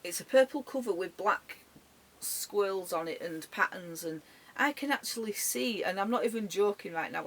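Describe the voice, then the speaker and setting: Tearful woman, halting and emotional. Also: medium pitch, animated. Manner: halting, emotional, many restarts and soft trailing words. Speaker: dog owner. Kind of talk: emotional personal vlog tribute. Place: sitting in her caravan bedroom.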